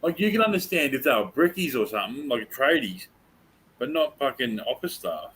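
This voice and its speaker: A man's voice: mid-range voice, very animated, moderate pace, a bit bright, a little hiss or hum, rough recording. A man, a co-host making dry, offhand remarks in a casual live chat.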